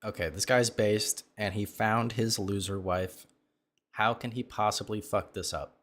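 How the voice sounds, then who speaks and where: A man's voice: on the low side, steady tone, measured pace. A man giving sarcastic, mocking reaction commentary on a clip he is playing. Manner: mocking, dry remarks.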